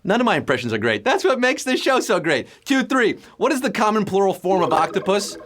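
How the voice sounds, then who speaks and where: A man hosting a live trivia game show, full of quick puns and jokes. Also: high-pitched, sing-song, a bit bright. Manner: jokey, punny, quick patter.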